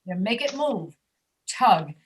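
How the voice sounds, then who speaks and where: A woman teaching an online pronunciation class, patiently correcting students and modeling sounds slowly over a video call. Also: medium pitch, very animated, slight background noise.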